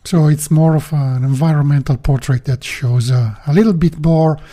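This podcast guest chats casually with the host over a video call, sounding hesitant and repeating words as he hunts for them. His voice is on the high side and warm, delivered at a moderate pace.

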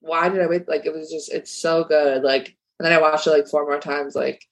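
A woman's voice: low voice, flat delivery, moderate pace. A woman guesting on a podcast, chatting casually and giggling often. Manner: giggly, easygoing. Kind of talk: casual chat.

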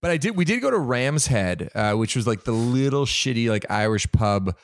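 A man's voice: mid-range voice, very animated, moderate pace, no room sound, studio quality. A man, chatting casually and reminiscing as a podcast co-host. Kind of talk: casual chat.

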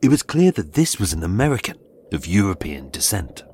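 Low-voiced man narrating true crime. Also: very animated, darkish tone, a little hiss or hum. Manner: measured, dramatic storytelling with suspenseful pauses. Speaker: podcast host and narrator. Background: faint background music.

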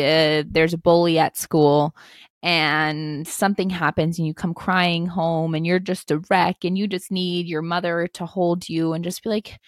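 A young woman in her twenties speaks with a low, gravelly voice. She talks gently and reassuringly as a guest coach on a podcast, filling her speech with "like." The sound is dry and close, with no room echo. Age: 20s. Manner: gentle, reassuring, many "like" fillers. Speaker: spiritual life coach. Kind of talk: podcast interview.

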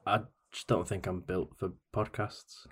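A man with a fairly low voice joins a podcast as a guest over a call. He talks hesitantly and fills his pauses with ums as he explains things. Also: level tone, husky. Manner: hesitant, self-conscious, many fillers. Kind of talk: casual chat. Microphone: remote call mic.

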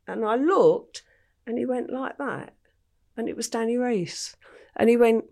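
A woman's voice: a little high, unhurried, creaky, a little mellow. An older English woman, an interview guest, telling her story vividly and acting out the voices she quotes. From England.

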